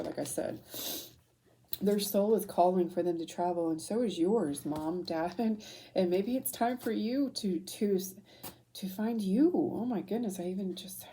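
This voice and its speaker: A woman's voice: mid-range voice, dark tone. A woman in her thirties giving a rambling, emotional tarot reading, choked up and full of fillers and restarts. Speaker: tarot reader. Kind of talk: casual intuitive reading.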